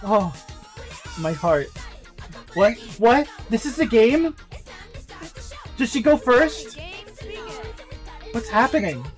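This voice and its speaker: A woman's voice: fairly high pitch, expressive, slow, pauses often, faint music behind, low-quality recording. A woman streamer giving casual gameplay commentary, full of frantic exclamations and cursing. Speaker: game streamer.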